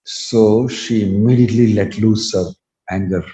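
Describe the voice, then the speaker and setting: A man, a spiritual teacher narrating a sacred story in a lively way, with acted voices. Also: on the low side, measured pace, echoey room, in a large hall, highs cut off. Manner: animated storytelling with acted quotes. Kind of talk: sermon storytelling. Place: temple hall.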